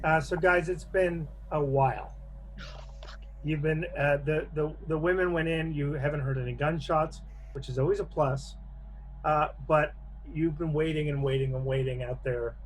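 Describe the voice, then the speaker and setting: A man narrating a tabletop horror game as game master on a video call, pausing often with fillers. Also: a little high, steady tone, soft background music. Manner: halting narration with many fillers.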